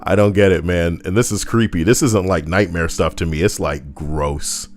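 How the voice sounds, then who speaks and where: A man co-hosting a podcast, ranting in a profane, heated, animated way. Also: low-pitched, normal speed, faint music behind. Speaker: podcast co-host. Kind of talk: casual ranting commentary.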